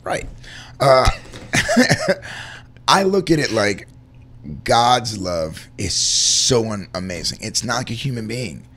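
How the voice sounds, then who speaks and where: A man's voice: medium pitch, lively intonation, takes it slowly, long pauses, pushed and bright. A man co-hosting a casual chat, talking earnestly and rambling about faith and feeling good. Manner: earnest, rambling, acts out little voices in stories. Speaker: co-host.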